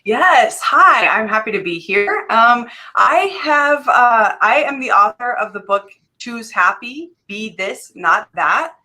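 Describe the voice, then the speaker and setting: A woman's voice: a little high, lively intonation, takes it slowly, hardly any pauses, bright, forceful tone. A woman guest author speaking earnestly in a casual radio interview, with frequent fillers and light laughs.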